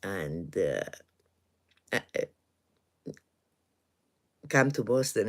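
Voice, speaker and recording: A woman's voice: rumbling low, big pitch swings. A woman in her sixties from Romania with a Romanian accent, chatting casually and hesitantly on a live stream from her home. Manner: hesitant, many pauses and fillers, chuckles often. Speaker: livestream host. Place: home in the woods.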